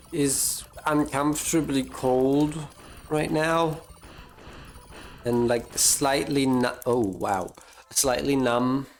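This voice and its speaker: A man streaming a game live, rambling in casual chat with self-mocking jokes and drawn-out fillers. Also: fairly high pitch.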